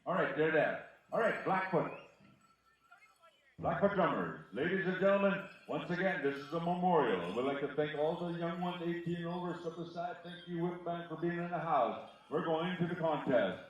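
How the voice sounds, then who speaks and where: A man's voice: fairly high pitch, animated, normal speed. A man announcing at a powwow, joking with the crowd and calling out names over a PA. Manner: joking, teasing, calls out names. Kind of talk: live event announcing on a PA. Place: outdoor powwow arbor. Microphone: PA microphone heard from far off. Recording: distant PA voice in an echoey outdoor space.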